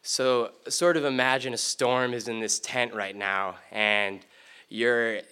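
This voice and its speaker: A man telling a nostalgic story live on stage, relaxed and rambling. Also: medium pitch, slow, clear, resonant tone. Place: theater stage before a live audience.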